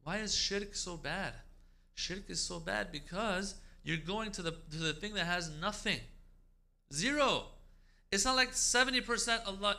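A man's voice: sits high, pushed and bright. A man giving a religious lecture, speaking emphatically, asking rhetorical questions and quoting Arabic prayers.

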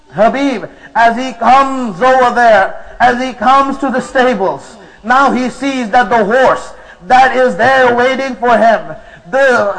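A man's voice: very high voice, fairly bright tone, poor audio. A man preaching to a congregation, retelling a story with emotion and drama. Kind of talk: sermon storytelling.

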